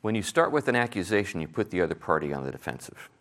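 A man teaching a Sunday school class, animated, asking his listeners rhetorical questions and chuckling at his own jokes. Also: sits low, fast.

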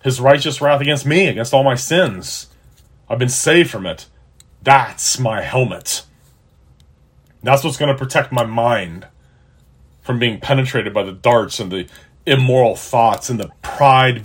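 A man preaching an earnest sermon to his listeners, emphatic, swinging between loud and quiet. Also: medium pitch, a little slow, husky. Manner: earnest, emphatic, rises and drops in loudness. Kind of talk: sermon-style teaching.

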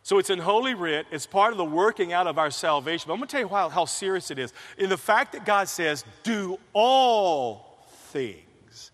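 A man's voice: high-pitched, expressive, fast talker, hardly any pauses, a bit bright. A man preaching a sermon in an emphatic way, repeating key phrases and telling personal stories. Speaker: pastor. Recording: long reverb of a large hall.

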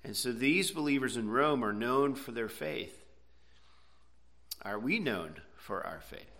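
A man's voice: mid-range voice, animated, slow, creaky, sharp tone. A middle-aged man preaching a sermon, explaining a passage in a conversational way and checking in with "okay?" and "right?". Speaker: pastor.

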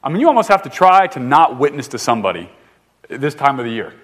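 Fast-talking man preaching a casual sermon. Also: medium pitch, very animated, a bit bright. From northern United States. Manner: fast-talking, conversational, jokey, with frequent restarts. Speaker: pastor.

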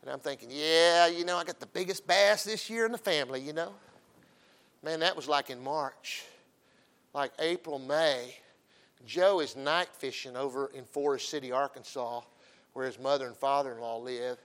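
A middle-aged man preaching a folksy, humorous sermon, swinging from loud emphasis to quiet storytelling asides. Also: mid-range voice, moderate pace. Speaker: pastor.

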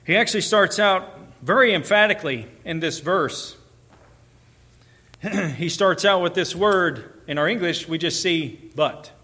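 Bright-voiced emphatic man preaching. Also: high voice, measured pace. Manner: emphatic, building in intensity on repeated phrases. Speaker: pastor. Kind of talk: sermon.

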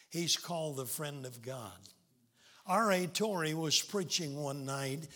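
A man's voice: fairly high pitch, fairly bright tone. A middle-aged man preaching a sermon, telling folksy stories and reading scripture aloud. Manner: folksy storytelling preacher, reads scripture in old-style wording.

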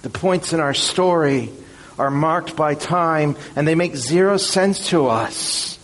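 A man preaching a sermon in an earnest, measured and emphatic way. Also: a little high, fairly bright tone.

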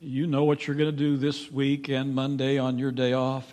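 A man preaching a sermon in a church, emphatic, swinging from loud pleading to hushed, quiet tones. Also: mid-range voice, completely flat delivery, moderate pace, hardly any pauses. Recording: long reverb of a large hall.

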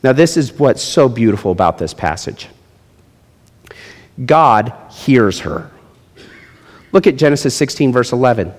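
Animated middle-aged male preacher in a reverberant hall. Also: a little slow, long pauses. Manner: animated preaching, swinging between loud high emphasis and low quiet drops. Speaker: pastor. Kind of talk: sermon.

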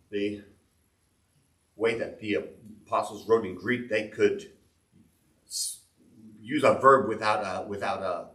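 A man's voice: mid-range voice, a bit bright. A man preaching a sermon as a pastor, earnestly explaining scripture and reading verses aloud. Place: church. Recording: echoey church room, mic at a distance.

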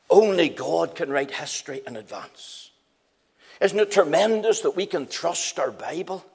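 A man preaches with fervour, doubling his phrases for stress. His voice sits high, climbing into ringing calls and then dropping to hushed asides. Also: breathy edge. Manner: emphatic, repeats phrases for stress; swings between loud rising calls and low quiet asides. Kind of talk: sermon.

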